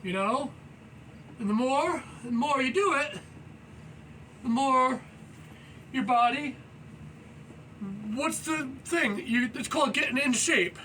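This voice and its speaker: A man talking casually and loudly while stretching at home, energetic and rambling, with many "you know"s as he moves around. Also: extremely high pitch, slow, pauses often. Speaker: fitness vlogger. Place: indoors at home, low ceiling. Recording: voice far from the mic with faint noise.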